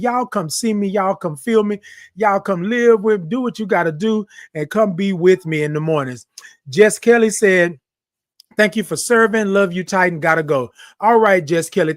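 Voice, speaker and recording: A high-voiced man from Texas runs a casual morning livestream, having fun reading viewers' comments out loud. The recording is dry and studio-clean.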